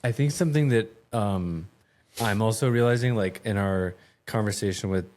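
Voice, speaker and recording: A man's voice: lowish voice, normal speed, a little mellow, a little hiss or hum. A man co-hosting a podcast aftershow, talking in a laid-back, hesitant way with many fillers. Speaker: podcast co-host. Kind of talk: casual podcast chat.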